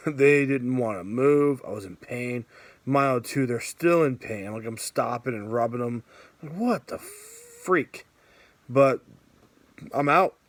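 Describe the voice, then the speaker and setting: A man's voice: mid-range voice, dry recording. A man in his thirties telling a story in a casual vlog, chatty, with lots of fillers and frequent laughs. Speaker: vlogger.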